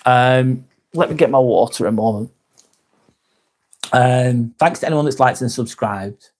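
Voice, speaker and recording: Guy rambling on a live stream, sweary, sarcastic, reading chat out, middle pitch. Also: a little slow, a little mellow.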